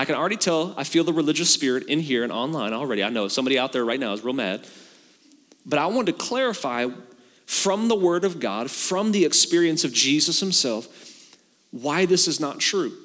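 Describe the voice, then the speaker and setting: A man preaching as a pastor, telling the story in a casual, joking way and acting out the dialogue. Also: on the high side. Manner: animated storytelling with acted-out dialogue. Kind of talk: sermon. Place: church sanctuary. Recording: long hall reverb from a church.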